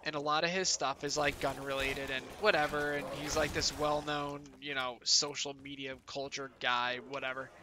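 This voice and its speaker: A man's voice: mid-range voice, little pitch movement, moderate pace, hardly any pauses, noisy background. A young man streaming a game, chatting casually in a rambling, profane, incredulous way. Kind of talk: casual chat while gaming.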